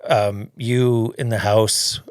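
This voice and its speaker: A man's voice: on the low side, level tone, slow pace, dry recording, clean studio sound. A man from Canada hosting a casual podcast conversation, agreeable and laid-back, swearing now and then. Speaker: podcast host.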